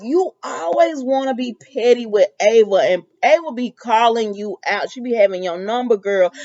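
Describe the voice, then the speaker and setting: Give me a chatty woman recapping a soap, mellow and a bit muffled. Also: a little high. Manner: animated storytelling, sassy asides to characters. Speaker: soap opera recap vlogger. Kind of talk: casual recap with quoted dialogue.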